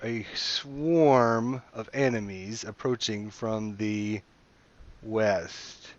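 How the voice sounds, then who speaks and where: A man narrating a tabletop game as game master, relaxed and rambling, with many fillers. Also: lowish voice, very slow, highs cut off.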